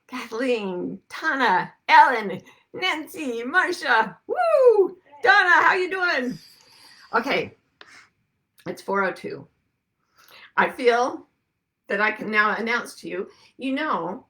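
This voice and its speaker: A woman's voice: on the high side, bright, forceful tone. A woman hosting a casual live video broadcast, chatting and greeting viewers with frequent laughs. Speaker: host. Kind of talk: casual chat. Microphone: video call webcam.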